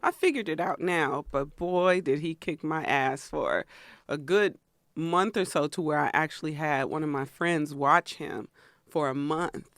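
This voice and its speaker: Woman, podcast co-host, bright voice, animated, dry recording. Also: sits low, a little slow, dry recording. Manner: animated, laughs often. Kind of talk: casual chat.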